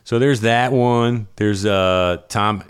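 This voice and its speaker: A man with a fairly low voice chats casually as a podcast co-host. He is a real estate agent who tells stories with energy and laughs at his own anecdotes. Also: slow, clear, resonant tone. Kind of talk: casual chat.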